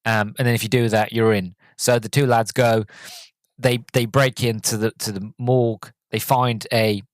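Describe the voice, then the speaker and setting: A man's voice: mid-range voice, level tone, moderate pace, no room sound. Guy rambling through a movie plot on his podcast, lots of ums, dead dry sound. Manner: rambling, enthusiastic, many fillers. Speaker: podcast host. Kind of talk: casual movie recap. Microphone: podcast mic.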